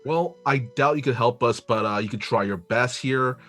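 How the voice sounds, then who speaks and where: A man playing a tabletop game who talks in a relaxed, rambling way and trips over his words. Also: medium pitch, moderate pace, faint music behind. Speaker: player. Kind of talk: casual tabletop game play.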